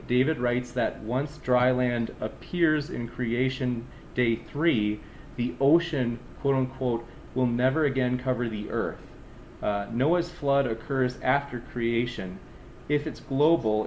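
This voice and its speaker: A man moderating a live stream debate, reading questions in a friendly, hurried way, with some faint noise behind. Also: medium pitch, a little mellow.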